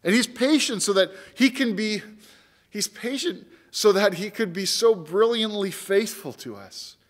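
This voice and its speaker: A man's voice: sits high, animated, a little slow, big-room sound. A man preaching a sermon as pastor, earnest and emphatic, repeating key words for weight. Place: church sanctuary.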